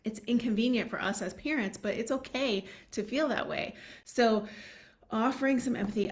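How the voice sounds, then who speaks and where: A woman's voice: on the high side, normal speed. Woman parenting coach, chatty vlog advice. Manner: conversational, checks in with the listener with "right?"; casual filler "like", talking straight to parents. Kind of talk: direct-to-camera advice vlog.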